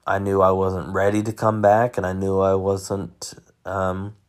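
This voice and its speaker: Deep-voiced man rambling on his podcast. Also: completely flat delivery, a little slow. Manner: rambling, many restarts and self-corrections. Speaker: podcast host. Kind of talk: casual solo monologue.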